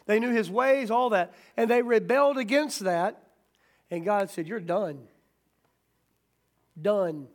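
A man preaching a sermon as pastor, plainspoken and folksy, swinging from quiet talk to sudden loud rises. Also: high voice, slow pace, pauses often.

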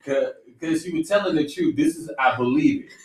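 A man's voice: a little high, brisk, darkish tone, far from the mic. A man co-hosting a podcast in casual chat, who keeps giggling through his lines. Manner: giggly, apologetic laughter. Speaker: podcast co-host. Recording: roomy, off-mic.

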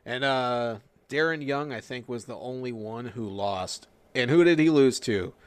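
A man's voice: medium pitch, a little slow, clear, resonant tone, no room sound. Casual swearing man with a dry mic. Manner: swearing, joking, animated retelling. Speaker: podcast co-host. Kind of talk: casual wrestling recap chat.

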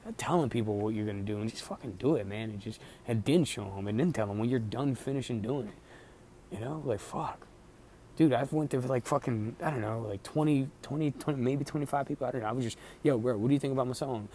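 Young man, mellow dark voice, swearing motivational vlog rant, faint rumble behind. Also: brisk. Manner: profane, rambling and emphatic, repeats himself. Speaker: vlogger.

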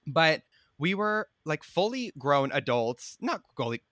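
Young man, giggly self-mocking co-host, bright lively delivery, dry close sound. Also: a little high, unhurried, dry recording. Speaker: podcast co-host, younger brother. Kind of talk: casual chat.

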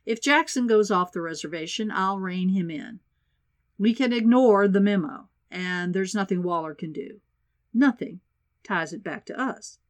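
A woman's voice: mid-range voice, a little slow, close to an everyday voice. A woman reading as a scheming male adviser. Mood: persuasive.

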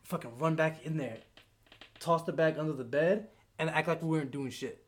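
A young man on a podcast, casually telling animated stories and acting out the voices of friends. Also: a little high, normal speed. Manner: animated storyteller, acts out quotes, laughs a lot. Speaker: podcast co-host. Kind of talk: casual chat.

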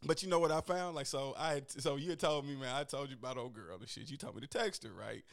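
A man talking casually and candidly about dating, animated and profane, getting loud and high when worked up. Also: quick pace, gravelly. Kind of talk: casual chat.

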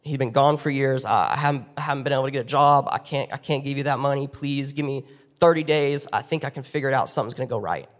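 A man voicing a poor abandoned wife who pleads for more time, hesitant and halting. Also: medium pitch, voice pushed down, lightly acted. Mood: pleading. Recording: long reverb of a church hall.

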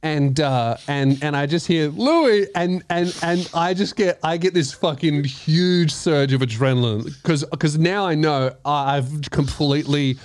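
A man's voice: a little high, unhurried, hardly any pauses. A young Australian man hosting a podcast, telling a story in casual chat, swearing and acting out his own reactions. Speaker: podcast host.

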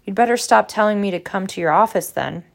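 A woman's voice: medium pitch, fast, vocal fry. A woman reading aloud as a sulky, defiant teenage boy who jeers and snaps back. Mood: defiant, angry. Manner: angry, jeering and defiant.

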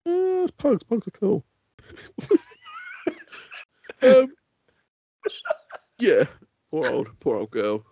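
A man, co-hosting a podcast in casual chat, animated and laughing, swearing freely. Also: high-pitched, very slow, pauses often, breathy edge, dry recording. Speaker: podcast co-host. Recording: dull lo-fi sound.

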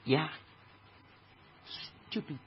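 A Nigerian man preaching a sermon with passion, swinging from hushed tones to shouts. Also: drawn-out words. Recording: dull lo-fi recording with faint noise.

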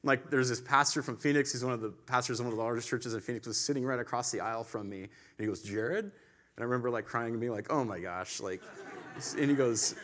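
A male pastor delivering a sermon in a conversational, storytelling way, with emphatic swells and quiet drops. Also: medium pitch, fairly even intonation, quick pace.

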